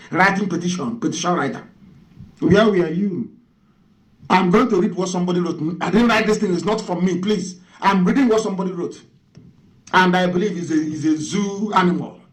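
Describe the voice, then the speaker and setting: A man's voice: high voice, poor audio. A Nigerian man giving an impassioned radio address, firing off mocking rhetorical questions. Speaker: radio broadcaster.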